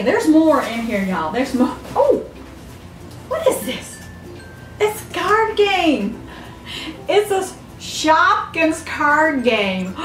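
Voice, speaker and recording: An older woman, chatting to camera as a vlogger opening fan mail, gasping and gushing with excitement. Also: high-pitched. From Southern United States. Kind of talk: casual chat to camera. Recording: echoey room, mic a bit far off.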